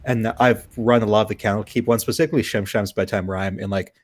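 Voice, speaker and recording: A man chatting casually as a tabletop player, rambling and animated with many restarts. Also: on the low side, fast. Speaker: tabletop player, content creator. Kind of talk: casual chat around a game.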